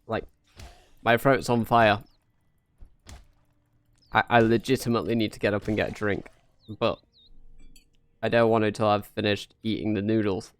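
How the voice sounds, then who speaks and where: A man's voice: fairly low pitch, flat delivery, moderate pace, pauses often, smooth. A young English man chatting casually on a live stream, rambling and joking with lots of fillers. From England. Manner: rambling, jokey, many fillers. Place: home in Norway.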